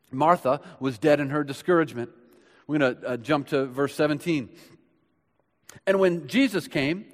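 A man preaching a sermon, swinging from loud emphasis to hushed tones and asking searching questions. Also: a little high, big-room sound. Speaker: pastor.

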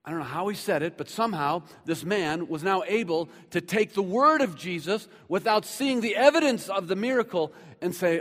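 A man preaching a sermon in a conversational way, moving between loud, emphatic stretches and hushed ones. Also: high-pitched, lively intonation, moderate pace, hardly any pauses, in a large hall. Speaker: pastor.

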